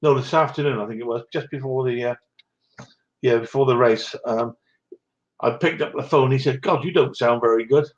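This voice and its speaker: A man's voice: mid-range voice, normal speed. Chatty man on a lo-fi stream. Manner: chatty, chuckling, greets viewers by name. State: short of breath. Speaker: livestream host. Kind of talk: casual chat reading out live comments.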